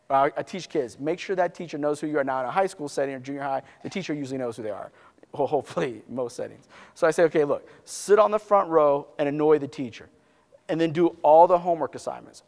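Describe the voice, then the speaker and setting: A man telling a joking, animated story as a motivational speaker to a live audience. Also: on the high side, creaky. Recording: echoey hall.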